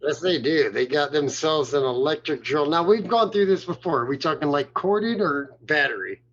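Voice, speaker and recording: A man's voice: on the high side, expressive, normal speed, a bit bright, a little hiss or hum. A man co-hosting a casual podcast, telling a rambling, profane story. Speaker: podcast co-host. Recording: muffled lo-fi audio.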